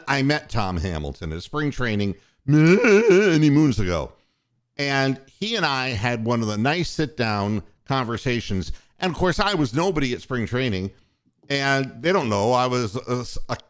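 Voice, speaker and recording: A man's voice: medium pitch, fairly bright tone, clean tone. An older man hosting a casual sports talk show, telling rambling, profane stories from his years running a radio station. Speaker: podcast host and former radio station boss.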